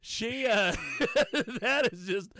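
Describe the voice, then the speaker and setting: High-voiced rambling male host. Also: very slow, bright, forceful tone, no echo, clean studio sound. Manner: rambling, with many fillers and restarts. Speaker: talk show host. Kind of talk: casual chat.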